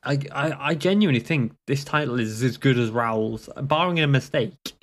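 A man's voice: medium pitch, moderate pace. A man chatting casually about motorbike racing as a podcast co-host, laughing often and swearing freely.

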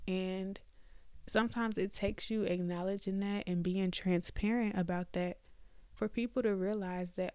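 A woman's voice: mid-range voice, steady tone, measured pace, darkish tone, smooth, no echo. A young woman hosting a faith podcast, talking candidly and conversationally to her listeners from her bed at home. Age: young adult. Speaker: podcast host.

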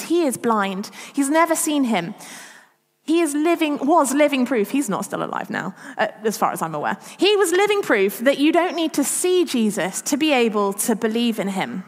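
A woman giving a chatty, self-deprecating church talk as preacher. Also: sits high. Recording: long reverb of a church hall.

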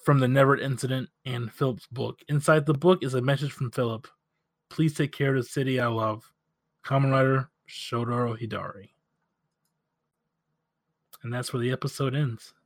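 Man, podcast co-host, casual recap, mid pitch, dry mic. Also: moderate pace, pauses often, no room sound. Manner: relaxed, recaps plots then chats. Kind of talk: casual episode recap and review.

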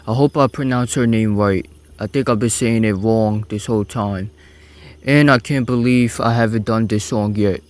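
A man hosting a bedtime-story show, reading lyrics aloud slowly and softly, with sudden high swoops on single words. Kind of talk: slow, soft bedtime reading.

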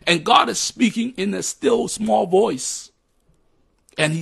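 A man's voice: sits high, takes it slowly, creaky, fairly bright tone, slightly rough. A man preaching a sermon in an emphatic, repetitive cadence, closing in prayer.

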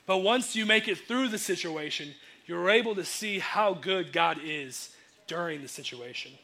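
A young man preaching a sermon in a casual, energetic way, acting out the quotes he tells. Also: high-pitched, moderate pace, vocal fry. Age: young adult. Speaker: youth preacher.

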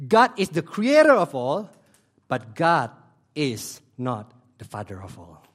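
A man pastor preaching a sermon with passion, repeating key phrases and swinging between loud emphasis and hushed near-whispers. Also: fairly high pitch, wildly swooping pitch, takes it slowly. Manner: emphatic repetition, non-native grammar slips.

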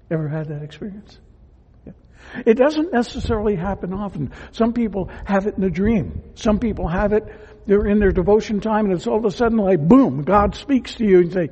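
A man preaching a sermon as a pastor, earnest and emphatic, at times dropping to a hush. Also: high-pitched, husky, big-room sound, muffled recording. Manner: earnest, emphatic preaching that drops to hushed tones.

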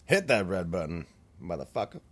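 Low-voiced rambling man in casual chat. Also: big pitch swings, fairly quick. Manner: rambling, swears freely, laughs while telling stories. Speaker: podcast co-host.

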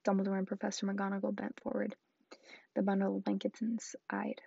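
A woman reading a storybook aloud in a soft voice that often drops to a whisper. Her tone is husky with a gravelly texture. The recording is dry and dull. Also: medium pitch, completely flat delivery, a little fast, no room sound. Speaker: book reader.

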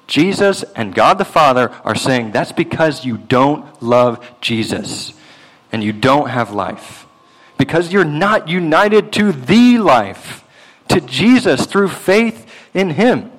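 A male pastor delivers an earnest, emphatic sermon. His voice sits somewhat higher than most men's, and he leans hard on key words as he works through scripture. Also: animated, slow, a bit bright, low-quality recording.

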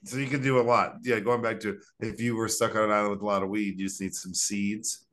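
A man's voice: on the low side, flat delivery, fairly quick, fairly bright tone. A young man co-hosting a podcast, chatting casually and rambling through silly scenarios with frequent laughs. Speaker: podcast co-host.

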